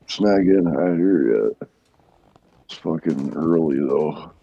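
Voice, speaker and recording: Deep mellow man on a muffled call. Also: measured pace, gravelly, slight background noise. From central Wisconsin. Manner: laid-back, swears casually. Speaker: stream guest on a call. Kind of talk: casual chat.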